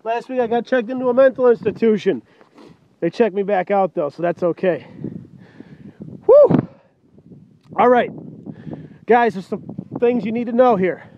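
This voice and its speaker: A man's voice: high-pitched, brisk, lo-fi sound, slight background noise. A man selling trucks with a joking, hyped sales patter, recorded outdoors in the cold on a handheld camera mic. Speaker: truck dealer.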